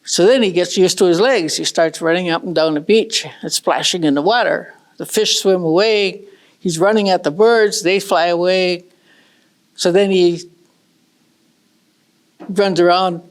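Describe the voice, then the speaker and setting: This middle-aged woman from northern Michigan takes her time with a traditional story, folksy in manner and chatting casually with her audience along the way. Her voice is lowish.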